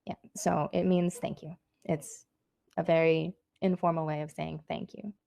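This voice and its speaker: A woman giving a casual online language lesson, chatty and loose with lots of fillers, saying practice phrases slowly and clearly. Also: low-pitched, little pitch movement, warm tone, dry recording, studio quality. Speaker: Japanese language teacher.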